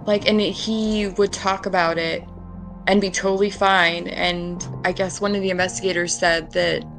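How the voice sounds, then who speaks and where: A woman's voice: on the low side, little pitch movement, normal speed, a bit bright, soft background music, low-quality recording. A woman hosting a podcast, talking casually and skeptically about a criminal case. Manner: chatty, skeptical, fond of quoting others in mock voices. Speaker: podcast host. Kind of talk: casual true-crime chat.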